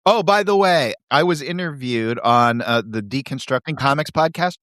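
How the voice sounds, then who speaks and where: In clean, echo-free studio audio, a man with a medium-pitched voice speaks at a moderate pace. He's co-hosting a laid-back podcast, animatedly reading comic strips and laughing as he goes while music plays softly behind him.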